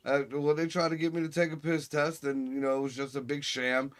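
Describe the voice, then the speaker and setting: A man's voice: medium pitch, little pitch movement, brisk, hardly any pauses, clear, resonant tone. A middle-aged man co-hosting a casual podcast chat, telling crude stories full of swearing. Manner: crude, profane storytelling. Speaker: podcast co-host.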